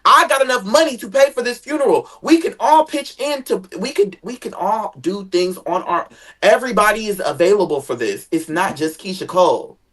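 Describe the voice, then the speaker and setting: A guest chatting casually about family drama, animated, jumping into high dramatic tones and swearing freely. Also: brisk. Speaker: guest sharing family stories. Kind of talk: casual gossip chat.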